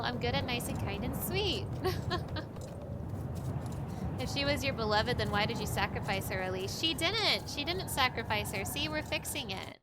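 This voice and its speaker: A woman's voice: on the high side, animated, normal speed. A woman streaming a game, chatting playfully with her viewers and giggling often. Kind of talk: casual gaming commentary. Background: game music.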